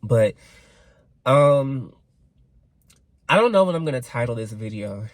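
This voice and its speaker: A man's voice: medium pitch, lively intonation, unhurried, dry recording. Candid twenty-something man ranting, dry sound. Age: 20s. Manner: candid, talks with his hands, swears casually. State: getting over a cold. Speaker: vlogger. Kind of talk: casual rant to camera.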